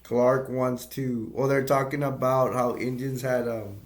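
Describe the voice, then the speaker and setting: A man's voice: mid-range voice, flat delivery, measured pace. A man casually retelling a movie's plot as a reviewer, rambling with many fillers, restarts and brief laughs.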